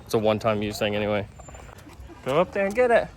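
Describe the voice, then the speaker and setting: A man's voice: on the low side, sing-song, fast talker. A man in a casual family vlog, joking and coaxing his kids, recorded on a handheld camera outdoors and in a store. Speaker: vlogger and father. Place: outdoors trick-or-treating, then a store. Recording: noisy handheld camera audio.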